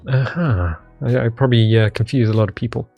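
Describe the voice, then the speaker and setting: Talking to the camera from his living room, an English vlogger rambles casually, putting himself down and filling his speech with ums and restarts. His mid-range voice moves fairly quickly. The highs are cut off, and faint music plays behind him.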